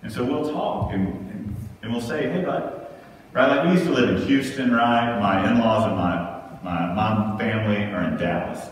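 A man's voice: fairly low pitch, normal speed, slight background noise. A man in his thirties from Texas, preaching a sermon in a conversational way and often checking in with "right?". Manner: conversational, keeps asking "right?". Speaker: pastor. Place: large church sanctuary. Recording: echoey hall, mic far off.

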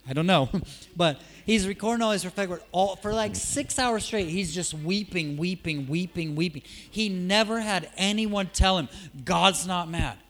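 A man preaching a sermon in a church, telling stories in a casual, conversational way, shifting from soft asides to loud emphatic peaks. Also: high-pitched, moderate pace. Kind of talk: sermon with storytelling.

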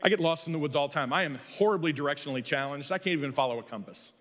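Middle-aged man, folksy storytelling sermon, slightly high voice, long hall reverb. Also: rapid-fire, a bit bright. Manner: storytelling, folksy and self-deprecating. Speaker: pastor and high school coach.

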